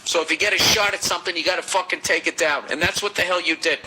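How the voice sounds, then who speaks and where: A man with a Boston accent hosting a podcast, giving comedic advice in a profane, animated rant. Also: high voice, quick pace, low-quality recording. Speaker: podcast host.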